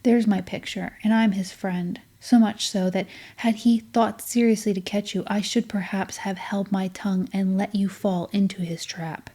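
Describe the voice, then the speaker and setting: A woman's voice: medium pitch, fairly even intonation, moderate pace, hardly any pauses, dark tone, natural voice. A woman reading the part of a proud, scornful young lady of the house, speaking sharply and emphatically in an audiobook. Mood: emphatic.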